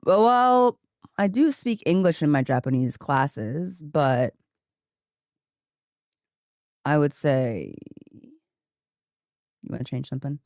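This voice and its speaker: A woman game streamer chatting casually and rambling on a desk microphone, laughing often, her voice jumping higher when she gets excited. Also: unhurried, long pauses, no room sound, clean studio sound. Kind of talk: casual live-stream chat. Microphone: desk microphone with headphones.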